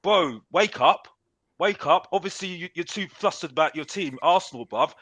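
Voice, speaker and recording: A man's voice: high voice, moderate pace, a bit bright, no echo. A man ranting in a heated football debate, repeating "bruv" and talking over the others. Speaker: panelist on a football talk show.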